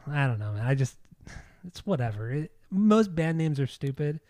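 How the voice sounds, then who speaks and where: A man's voice: a little high, sing-song, normal speed, a little mellow, no room sound, studio quality. A man co-hosting a music podcast in casual chat, blunt and opinionated, swearing freely. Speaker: podcast co-host.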